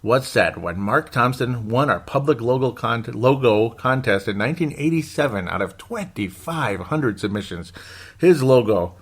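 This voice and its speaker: A man's voice: mid-range voice, animated, normal speed, husky. A man hosting a casual sports fan podcast, rambling and chatty as he reads out listener comments. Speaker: podcast host.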